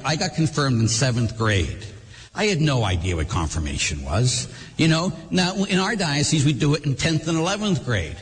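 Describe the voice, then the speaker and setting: A middle-aged man, a Catholic parish priest, preaching a sermon and telling stories, acting out both sides of each conversation. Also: on the high side. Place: church. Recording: long church reverb.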